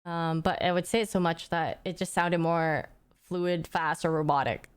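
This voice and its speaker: A young woman streamer talks through her answers in easy, meandering chat. Her voice sits slightly low for a woman and comes across smooth and clean. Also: fairly even intonation, normal speed. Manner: meandering, thinking aloud. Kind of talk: casual chat.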